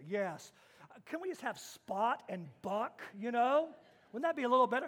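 Male pastor, very high voice, animated storytelling sermon. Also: moderate pace. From Kansas. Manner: storytelling with acted-out quotes, swings from hushed to loud.

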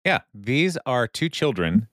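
A man co-hosting a podcast, recapping a TV episode in an animated, casual way with many filler sounds. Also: medium pitch, slow, no room sound, clean studio sound. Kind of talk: casual chat.

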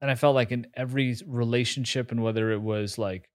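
A man in his forties tells a story as a podcast guest, candid and self-mocking, with casual swearing and plenty of fillers. His voice sits at an ordinary middle pitch. The sound is dry and close, with no room around it. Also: fairly even intonation, brisk, no echo. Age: 40s. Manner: candid, swears freely, laughs at himself, many fillers and restarts. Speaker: interview guest.

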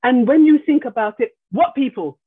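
A woman's voice: sits high, lively intonation, normal speed, breathy edge, no room sound. A middle-aged grandmother and life coach chatting casually, telling family stories and laughing easily while mimicking relatives' voices. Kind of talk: casual podcast chat. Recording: tinny phone-like line.

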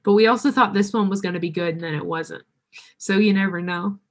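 A woman's voice: medium pitch, brisk. A woman co-hosting a podcast, chatting casually about a TV episode with dry, sardonic remarks. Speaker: podcast co-host. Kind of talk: casual TV recap chat.

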